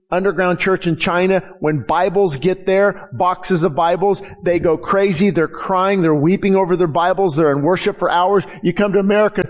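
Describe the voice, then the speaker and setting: Preaching with passion, this middle-aged pastor has a voice that sits high. He dramatizes prayers and quotations and frequently starts his sentences over.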